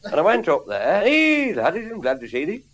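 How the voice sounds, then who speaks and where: Earthy man with a lively voice. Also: on the high side, fairly quick. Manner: earthy and swearing, chuckling through his lines. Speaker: storyteller. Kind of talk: comic anecdote to a live audience. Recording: loud live audience laughter.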